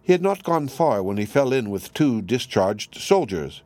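A man narrating a fairy tale in a measured, even storybook reading. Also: mid-range voice, no room sound, soft background music.

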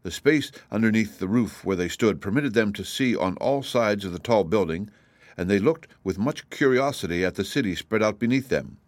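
A man with a fairly low voice reads a children's fantasy story aloud at a steady pace. The recording is close and dry, with no room sound. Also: normal speed, no echo. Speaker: narrator. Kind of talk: scripted narration.

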